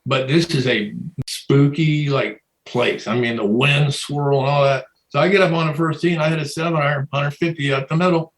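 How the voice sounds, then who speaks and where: A man's voice: on the high side, fairly even intonation, moderate pace, reverberant, poor audio. A man telling a long rambling story in casual chat, laughing often and restarting his sentences. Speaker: guest telling stories.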